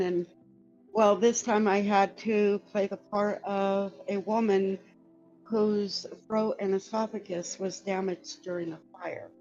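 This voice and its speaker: Slow-talking woman podcast co-host. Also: mid-range voice, steady tone, a little mellow. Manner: slow, with frequent laughs and fillers. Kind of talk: casual chat. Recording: dull lo-fi audio with faint music.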